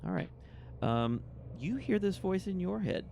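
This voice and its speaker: Easygoing male game master, narrates and calls rolls, expressive delivery. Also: high-pitched, measured pace, vocal fry, slight background noise.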